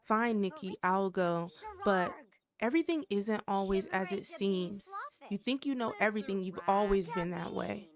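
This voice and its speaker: A woman's voice: mid-range voice, moderate pace, natural voice. A woman voicing a cool, defensive young woman who brushes off accusations in a life-sim game. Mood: dismissive. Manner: dismissive, brushing things off.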